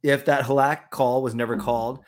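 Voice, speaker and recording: A man co-hosting a casual sports podcast, chatting in a relaxed way and teasing his co-host. His voice sits at an ordinary middle pitch, and he talks in loose, playful banter. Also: brisk.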